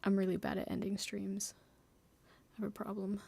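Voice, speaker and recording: A woman's voice: medium pitch, completely flat delivery, moderate pace, vocal fry, warm tone, breathy edge. A young woman chatting casually on a live stream from home, rambling, giggling and mocking herself, sometimes dropping to a whisper.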